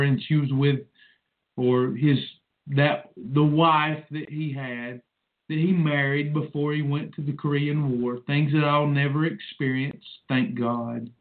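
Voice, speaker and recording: A man in his forties hosting a rambling personal monologue, emotional and preachy in manner. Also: medium pitch. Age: 40s. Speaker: host. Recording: tinny phone-like sound.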